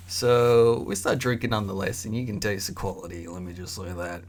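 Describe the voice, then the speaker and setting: A young man telling a casual story in an animated, slangy way. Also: on the low side, fairly quick, few pauses. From Australia. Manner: animated, slangy, acts out voices.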